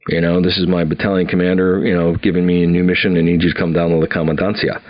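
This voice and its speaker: A man's voice: low-pitched, level tone, fast, muffled recording. A man in his fifties casually telling an old army story, rambling with many fillers and restarts.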